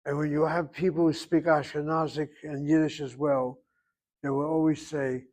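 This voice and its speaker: A man teaching a Hebrew grammar class, explaining word roots slowly and drawing out pronunciations, with dry self-assured asides. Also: fairly high pitch, little pitch movement, a little mellow. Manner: slow, explaining, drawn-out pronunciations.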